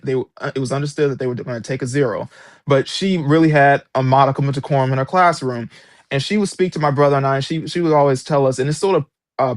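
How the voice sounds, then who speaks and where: A man's voice: medium pitch, no echo, studio quality. A man who is an author and former substitute teacher, giving an interview and telling his story with emphatic, indignant energy. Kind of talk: interview guest recounting experiences.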